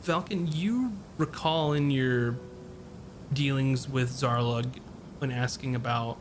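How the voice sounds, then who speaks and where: Game master, male, mid-pitched, halting descriptive narration full of fillers, faint background rumble. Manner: descriptive, with frequent ums and uhs.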